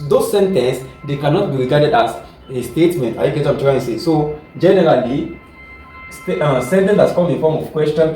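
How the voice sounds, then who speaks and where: A man teaching logic in a mellow, mid-pitched voice, stopping again and again to check that his students follow. He is recorded in an echoey room from some distance away, with faint ambient noise behind him. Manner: repetitive, keeps checking understanding. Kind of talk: classroom lesson explaining logic.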